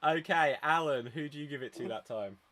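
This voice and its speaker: A man hosting an online improv show over a video call, brisk and chatty, laughing often. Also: fairly high pitch, a bit bright.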